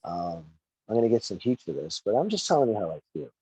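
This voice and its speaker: A middle-aged man in casual podcast chat, telling a story with lively acted-out quotes and plenty of swearing. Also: lowish voice, fast, slightly rough, no echo, rough recording. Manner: animated storyteller, acts out quotes, profane. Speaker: wrestling referee and podcast guest.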